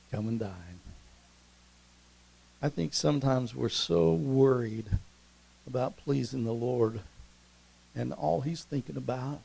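A middle-aged man preaching a storytelling sermon, conversational and animated, and acting out scenes along the way. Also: medium pitch, gravelly, breathy edge, rough recording.

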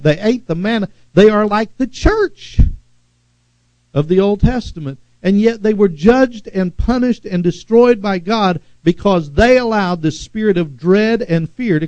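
A male preacher delivering a sermon, emphatic and swelling to loud exhortation at times. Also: high-pitched, no echo, dull audio.

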